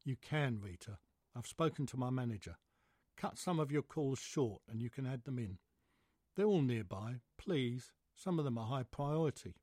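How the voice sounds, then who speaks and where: A man's voice: mid-range voice, lively intonation, normal speed, darkish tone, breathy edge, no echo, clean studio sound. A man voicing a pushy, pleading female care agency coordinator who coaxes and wheedles. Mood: coaxing. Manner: coaxing, wheedling.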